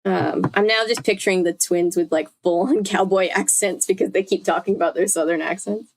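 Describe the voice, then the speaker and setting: A woman's voice: on the low side, fairly even intonation, fairly quick. Chatty woman reading a book aloud. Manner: chatty, breaks off to react and laugh. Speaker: host.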